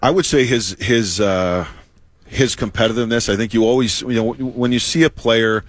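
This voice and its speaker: A man, a hockey head coach, giving measured interview answers with lots of "you know" and "uh". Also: medium pitch, dry recording.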